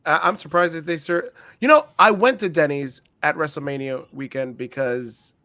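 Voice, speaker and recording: A man co-hosting a wrestling podcast, telling stories in a profane, animated way and acting out what people said. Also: on the high side, normal speed, dry recording, studio quality. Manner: profane, animated storytelling with acted-out quotes. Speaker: podcast co-host. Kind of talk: casual chat.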